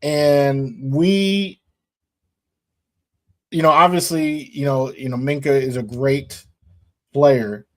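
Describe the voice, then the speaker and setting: A man co-hosting a casual sports podcast, animated and slangy, laughing often. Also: mid-range voice, slow, pauses often. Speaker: co-host. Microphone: streamed podcast mic.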